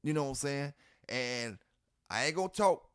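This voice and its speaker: A man's voice: mid-range voice, expressive, moderate pace, fairly bright tone, smooth. A man hosting his channel, giving fired-up, blunt commentary that swears, repeats points and laughs scornfully. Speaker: channel host. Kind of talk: ranting commentary to camera.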